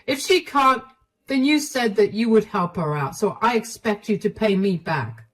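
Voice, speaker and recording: A woman's voice: mid-range voice, normal speed, close to an everyday voice. A woman doing a stern, accusing husband.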